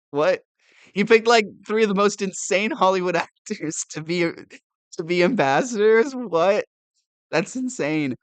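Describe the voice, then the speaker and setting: A man who reads news aloud and adds sarcastic, animated commentary, laughing often. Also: medium pitch, no echo. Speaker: political commentator.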